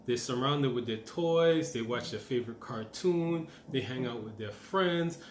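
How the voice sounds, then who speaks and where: A man's voice: medium pitch, lively intonation, a little slow, roomy sound, a little hiss or hum. A middle-aged man giving a casual, encouraging self-help talk as a manifestation coach, repeating his points and using lots of fillers.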